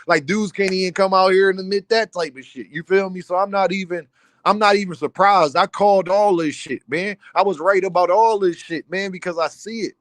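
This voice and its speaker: A boxing commentary streamer with a high-pitched, fairly bright voice rants at his live chat, heated and insistent and packed with street slang. The recording is dry and close, with no room sound at all.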